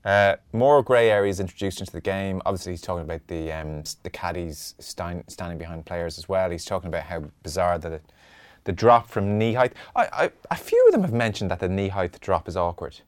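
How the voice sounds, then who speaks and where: A man's voice: low voice, lively intonation, a little fast, no room sound, clean studio sound. A man co-hosting a podcast in casual chat, wry and conversational as he steers the talk along. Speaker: podcast co-host.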